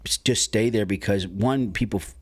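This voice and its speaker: A man's voice: lowish voice, normal speed, breathy edge. A man talking as a podcast guest, candid and blunt, swearing freely and often restarting his sentences. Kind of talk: casual conversation.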